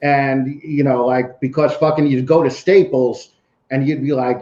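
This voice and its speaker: A man's voice: mid-range voice, fairly even intonation, a little slow, dark tone, reverberant, lo-fi sound. A man with a New York accent, a podcast guest telling rambling, profane stories in casual chat.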